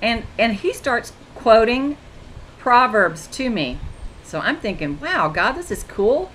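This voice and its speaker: Her voice a little high, slow, sing-song and somewhat bright, a Christian video blogger tells faith stories in a chatty testimony monologue. She frequently restarts sentences and acts out conversations through quoted dialogue. There's a faint hiss or hum, and the recording quality is low.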